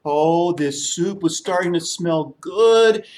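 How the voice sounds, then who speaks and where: A man's voice: sits high, slow, a little mellow. A man telling a children's story at a church service, playful and inviting the group to join in. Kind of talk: children's story with audience call-and-response.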